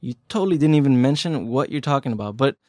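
A man talks through a language lesson in a relaxed, chatty way, joking as he explains and piling on everyday examples. His voice sits mid-range, and the sound is close and dry with no room around it. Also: mid-range voice, fast, no room sound. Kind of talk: casual podcast lesson.

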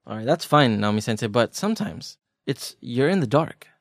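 A man's voice: medium pitch, very animated, moderate pace, dry recording, clean studio sound. A man hosting a language lesson podcast, teasing his co-host and stretching words for emphasis. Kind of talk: playful language lesson banter.

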